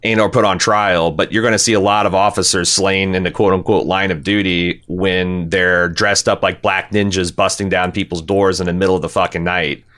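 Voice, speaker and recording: A man's voice: deep voice, fairly even intonation, moderate pace, hardly any pauses, fairly bright tone. A man hosting a podcast, talking casually and bluntly, swearing freely as he reads listener comments and gives his opinions. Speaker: podcast host.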